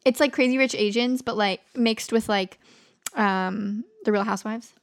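Woman co-host, reactive listener, high voice, dry close sound. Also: moderate pace, no echo. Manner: reactive listener, short exclamations. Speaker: podcast co-host. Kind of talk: casual chat.

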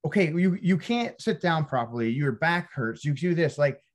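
Man, personal trainer, podcast host, casual, halting, profane. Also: on the high side, expressive.

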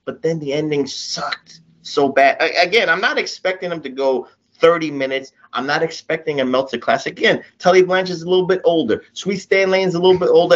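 A man co-hosting a casual wrestling podcast, opinionated and animated, often starting points with "again.". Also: fairly high pitch, muffled recording. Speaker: podcast co-host.

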